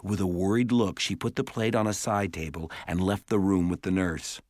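Low-voiced man narrating a story. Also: fairly even intonation, normal speed, darkish tone, no room sound, studio quality. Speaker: audiobook narrator. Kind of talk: scripted narration.

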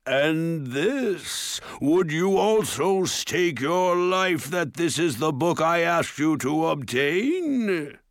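A menacing horned ogre warlord, as a man puts him on for an audiobook, booming and drawn out. He speaks with slow, commanding scorn through a gravelly edge. The sound is close and dry. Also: animated, no room sound. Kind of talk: audiobook character voice.

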